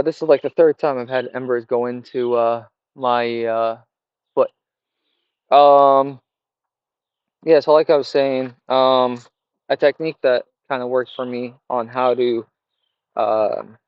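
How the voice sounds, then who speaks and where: A man's voice: medium pitch, no room sound. A man talking casually and reflectively to camera, rambling with many fillers and restarts, outdoors by a fire. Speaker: vlogger. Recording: dull lo-fi sound.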